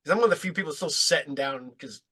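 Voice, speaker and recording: A man's voice: a little high, fast talker, fairly bright tone. A man hosting a podcast, telling casual, profane stories with frequent chuckles. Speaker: podcast host.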